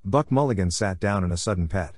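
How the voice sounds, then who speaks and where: Low-voiced male audiobook narrator. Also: brisk, darkish tone, no room sound, clean studio sound. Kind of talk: scripted narration.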